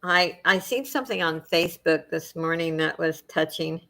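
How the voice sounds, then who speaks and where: A middle-aged woman hosting a casual chat with her viewers, soft-spoken and emotional, wandering from thought to thought with many fillers. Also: deep voice, normal speed. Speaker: channel host chatting with viewers.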